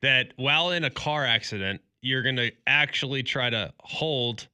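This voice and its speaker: A morning sports radio co-host jokes and banters, arguing points with mock seriousness. His medium-pitched voice is bright and forceful, moving at a moderate pace, and the studio recording is clean and dry.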